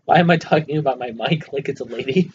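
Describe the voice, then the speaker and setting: A man co-hosting a casual podcast, joking and laughing often, talking right into a close mic on a tripod, with a dull lo-fi sound and faint hiss. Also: mid-range voice. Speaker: podcast co-host. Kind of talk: casual chat.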